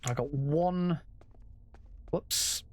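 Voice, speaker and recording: A man's voice: on the high side, very slow. A man giving casual, chatty commentary while playing a game, often correcting himself and swearing offhand. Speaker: speedrunner.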